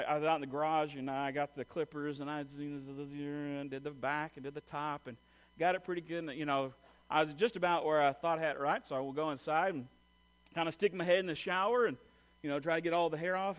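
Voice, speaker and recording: A middle-aged man preaching a sermon, telling a funny personal story in an animated way and joking with the congregation. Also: on the high side, fast talker. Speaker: pastor.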